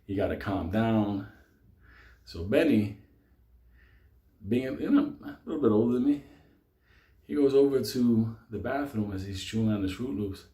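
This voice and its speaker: A man's voice: medium pitch, normal speed, long pauses, dark tone. Profane laughing male storyteller. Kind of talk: casual storytelling. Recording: echoey room.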